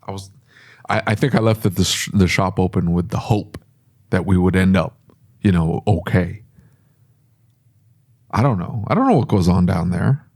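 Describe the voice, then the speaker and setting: A man, a podcast host who owns a repair shop, talking casually and telling animated stories with laughs. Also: normal speed, vocal fry, pauses often. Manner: animated storytelling with laughs, sudden high pitch for quoted voices.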